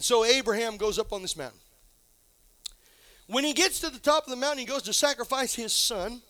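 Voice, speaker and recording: A man preaching a sermon as pastor, dropping to a low hush and then building up to shouted exclamations. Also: lively intonation, fairly quick. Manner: drops to a low hush for emphasis.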